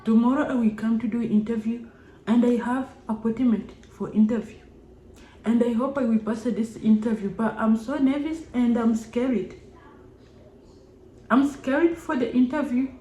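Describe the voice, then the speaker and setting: A woman's voice: fairly high pitch, steady tone, moderate pace, dark tone, close to an everyday voice. Brief: woman putting on a jittery Indian-accented young woman, repeats herself, roomy echo. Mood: nervous. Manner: broken, repetitive, worried phrasing. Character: nervous young woman friend before a job interview.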